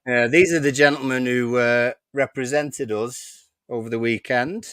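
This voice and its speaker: A man co-hosting a live fan show, talking in a relaxed, easygoing way. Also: mid-range voice, measured pace, dry recording, clean studio sound. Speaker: fan channel co-host. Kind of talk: casual live chat.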